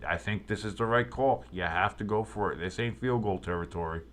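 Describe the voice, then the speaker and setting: A man's voice: on the low side, fairly quick, a little hiss or hum. A man giving casual, joking play-by-play commentary of a live game as a streamer, rising with the big plays and chatting to his viewers. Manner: excitable, joking, talks to chat.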